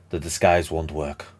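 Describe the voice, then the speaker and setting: A man with a very low voice narrates a tabletop campaign as game master. He rambles, fills gaps with ums and corrects himself as he describes the scene. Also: husky.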